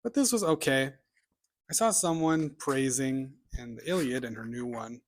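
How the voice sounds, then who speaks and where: A man chats casually through his bookshelf in a mid-range voice. He is opinionated and rambling, tossing in offhand asides and sometimes dropping to a mutter for side remarks. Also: medium pitch. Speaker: booktube vlogger.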